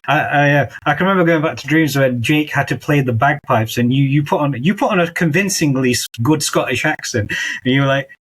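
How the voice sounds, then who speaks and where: A man's voice: on the high side, fairly quick, breathy edge. A man hosting an interview over a video call, chatty and telling stories with enthusiasm. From England. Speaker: podcast host. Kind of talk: casual interview chat.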